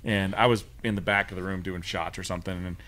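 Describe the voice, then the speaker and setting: Male podcast co-host, quick and relaxed, trades stories with laughs and curses. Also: low voice. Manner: loose, laughing, swears freely. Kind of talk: casual chat, anecdotes.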